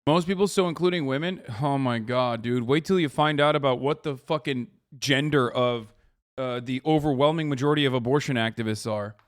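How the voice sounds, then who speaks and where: A man's voice: medium pitch, brisk. A man hosting a live stream, ranting casually and heatedly at his chat, swearing often and mocking his critics in put-on voices. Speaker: streamer host. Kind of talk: casual political rant to chat.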